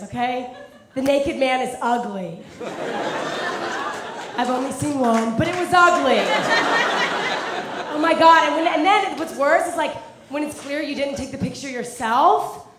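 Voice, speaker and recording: Young woman comic, high voice, chatty and giggly, echoey club, audience noise. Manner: chatty, peppered with "like", laughs at own jokes. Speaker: stand-up comedian. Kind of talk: stand-up set. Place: comedy club with live audience. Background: audience laughter.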